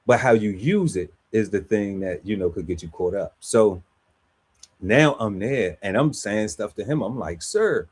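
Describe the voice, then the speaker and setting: A man's voice: on the low side, normal speed, breathy edge. Laughing man telling a slangy story. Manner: animated, laughs often, slangy, acts out quotes. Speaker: podcast panelist. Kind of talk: casual storytelling chat.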